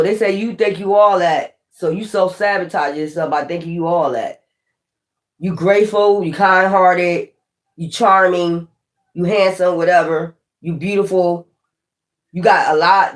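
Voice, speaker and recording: Blunt, profane tarot reader. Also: mid-range voice. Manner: blunt, profane and emphatic, with lots of repetition. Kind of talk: live tarot reading to viewers.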